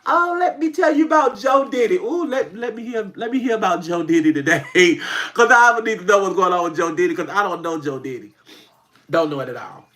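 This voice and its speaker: High bright-voiced man chatting live. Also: a little fast. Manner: animated, laughing storyteller, swears freely. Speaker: comedy skit creator hosting a livestream. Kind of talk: casual livestream chat.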